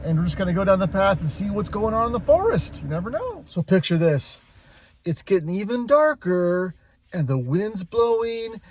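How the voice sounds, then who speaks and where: A man telling a child an improvised bedtime story in a playful, animated way. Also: high-pitched, a little hiss or hum. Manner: playful and animated, with spooky hushed moments.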